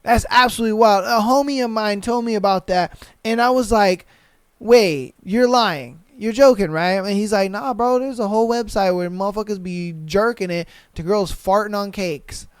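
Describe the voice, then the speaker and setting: A young man hosting a podcast, reading listener answers aloud and reacting with loose, profane slang and sudden loud outbursts. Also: sits high, steady tone, brisk, clean tone, no room sound. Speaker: podcast host.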